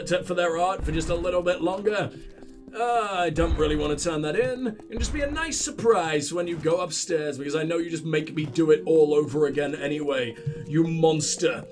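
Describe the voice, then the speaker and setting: A man with a stuffy cold, rambling and swearing sarcastically while commentating his own gameplay. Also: sits high. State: congested with a cold or flu. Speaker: let's play host.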